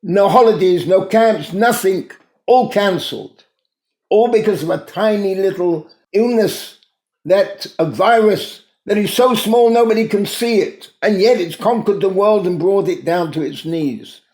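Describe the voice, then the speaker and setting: A man's voice: high voice, measured pace, darkish tone. A man hosting a daily talk, telling a moral story in an earnest, emphatic way. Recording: roomy echo.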